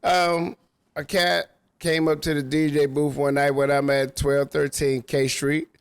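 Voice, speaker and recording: A man, a DJ guesting on a casual podcast at a hotel rooftop lounge, telling stories in an animated way, acting out quotes and laughing often. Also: fairly high pitch, a little slow, clear, resonant tone.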